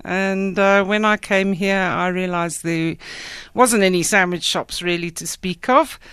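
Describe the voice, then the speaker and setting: A woman's voice: on the low side, measured pace, fairly bright tone, clean tone, dry recording. A woman, founder of a food shop, describing her menu as a guest in a radio studio. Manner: friendly, plain, lists menu items. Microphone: studio microphone.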